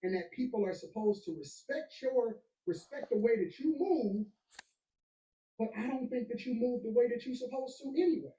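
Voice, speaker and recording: A man with a mellow, dark voice holds his ground in an argument, calm and pointed. He repeats himself to press his case. The studio gives his voice an echo. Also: very high-pitched, normal speed. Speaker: guest in a clip. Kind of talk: heated argument. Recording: echoey studio.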